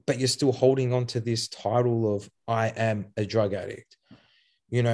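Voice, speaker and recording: Animated swearing man telling stories. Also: medium pitch. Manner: animated, swears, laughs often, acts out quoted voices. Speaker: guest, youth program founder. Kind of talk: casual interview storytelling.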